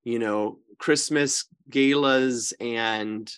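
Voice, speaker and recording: A man's voice: medium pitch, fairly even intonation, drawn-out words, a bit bright, smooth. A man, a priest, leading an informal Bible study. He speaks emphatically, keeps checking in with his listeners and often restarts or corrects himself mid-sentence. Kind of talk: informal scripture teaching.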